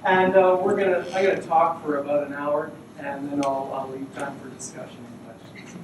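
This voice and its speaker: A middle-aged man gives a relaxed evening talk, dotted with "uh" fillers. His fairly high voice comes from far off the mic in a very echoey hall, with clear noise behind it. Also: moderate pace. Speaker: invited speaker. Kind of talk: evening lecture to an audience. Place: lecture hall.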